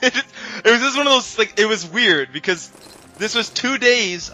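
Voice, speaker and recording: High, lively man riffing over gameplay. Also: poor audio. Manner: rambling storyteller, quick to exclaim. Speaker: co-commentator. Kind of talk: casual gameplay banter.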